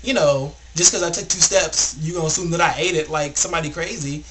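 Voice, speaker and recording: A young man tells a rambling story in a fairly high, animated voice, leaning on a steady stream of filler words. His casual vlog delivery wanders but keeps going. A clear hiss of background noise runs through the recording. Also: fast. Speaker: vlogger.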